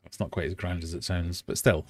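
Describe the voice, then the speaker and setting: A man's voice: deep voice, flat delivery, a little fast. Chatty man hosting a live quiz. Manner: chatty, jokey, self-deprecating. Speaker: host of a fishkeeping live stream quiz. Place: home fish room.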